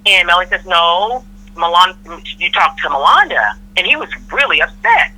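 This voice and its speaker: A woman's voice: fairly low pitch, very animated, normal speed, pushed and bright, rough recording. A middle-aged woman from Florida telling a work story in casual chat, acting out the people she quotes. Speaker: podcast guest, mother of host.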